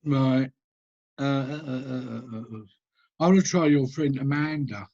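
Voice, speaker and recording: Man medium, husky, halting, describes at length; muffled video call sound. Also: mid-range voice, dark tone. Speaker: spiritualist medium.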